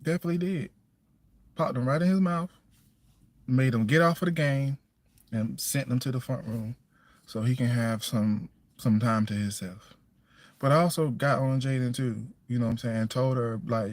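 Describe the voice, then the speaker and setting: A man talks loosely and plainly on a casual livestream, circling back and repeating himself as he goes. His pitch sits in the middle of the male range. He comes across firm and direct about how his household should run. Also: normal speed, dry recording. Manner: loose, repeats himself, keeps asking "you know what I'm saying". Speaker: single father livestreaming.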